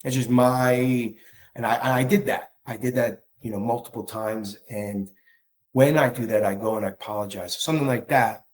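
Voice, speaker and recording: A man speaks about his own life in a candid, unpolished way, often breaking off and starting his sentences again. His voice sits at an ordinary middle pitch. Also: poor audio. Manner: candid, halting, with frequent restarts. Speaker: speaker on marriage. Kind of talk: personal talk.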